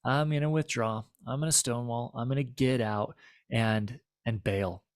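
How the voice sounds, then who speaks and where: A man's voice: medium pitch, normal speed, clean tone, dry recording, studio quality, close to an everyday voice. A man playing an anxious, withdrawing husband. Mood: shut down. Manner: worried, self-doubting.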